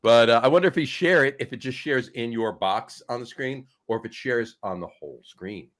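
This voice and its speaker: A man's voice: medium pitch, brisk, a bit bright. A man hosting a casual sports podcast over a remote call, upbeat and laughing often. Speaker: podcast host. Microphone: remote call setup.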